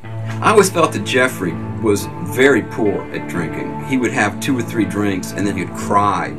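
A man in a documentary interview, recalling an old friend in a dry, frank, measured way. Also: lowish voice, expressive. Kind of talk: reflective interview recollection. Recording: interview with music playing under it.

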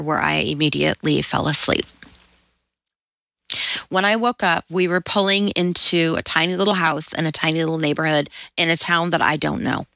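A woman's voice: low voice, sharp tone, no room sound, rough recording. A woman in her forties, a podcast guest, vividly telling a personal story and acting out the voices she quotes. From Washington State, USA.

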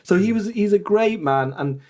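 Animated Irish comedian spinning stories. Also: male voice, high-pitched, moderate pace. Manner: animated, swearing, comic storyteller. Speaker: comedian guest. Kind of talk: casual storytelling chat.

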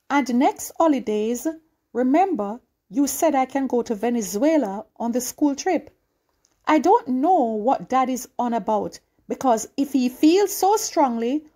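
A woman's voice: sits high, darkish tone. A woman reading a short story aloud in a childlike, pleading first-person telling. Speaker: reader.

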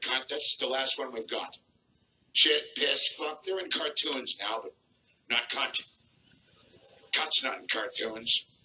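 A middle-aged man doing a crude stand-up set on a theater stage, deadpan with halting filler pauses. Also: medium pitch, slight background noise, poor audio. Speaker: stand-up comedian. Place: theater stage before a live audience.

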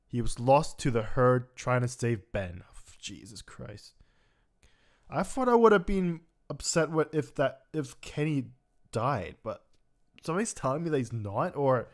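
A tearful young man commentating on a game, sighing often and reading the results aloud in an emotional, halting way. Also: mid-range voice. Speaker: gaming commentator. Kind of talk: let's play commentary.

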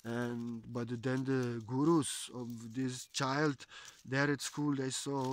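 A spiritual teacher telling a religious legend in digressive, simple broken English, often saying "you know". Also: male voice, medium pitch, flat delivery, slow. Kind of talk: spiritual storytelling talk.

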